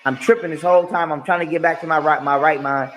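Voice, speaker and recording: A man with a somewhat raised pitch, ranting in a played clip. He talks emphatically, repeats himself and swears a lot. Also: steady tone, quick pace, fairly bright tone, faint music behind. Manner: emphatic, repetitive, profane. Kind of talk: ranting monologue.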